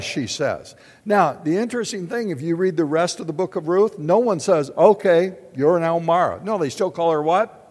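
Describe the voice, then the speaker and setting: A man preaching a sermon, animated and asking his congregation questions as he teaches. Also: fairly high pitch, in a large hall. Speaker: pastor.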